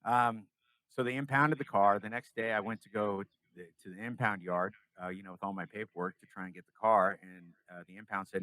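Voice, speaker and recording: Low-voiced man telling a story. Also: a little fast, no echo, poor audio. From California, US. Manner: animated storyteller acting out dialogue. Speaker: podcast guest. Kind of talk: casual storytelling interview.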